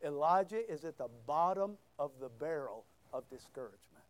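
An older man in his sixties preaching a sermon, swinging from loud shouts down to near-whispers and repeating words for emphasis. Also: a little high, animated, moderate pace. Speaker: pastor.

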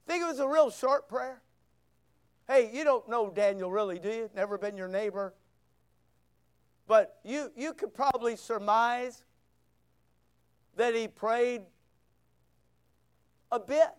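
Male pastor with a very high, smooth voice, preaching conversationally. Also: takes it slowly, pauses often. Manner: conversational, asks the listeners questions, reads scripture aloud. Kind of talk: sermon.

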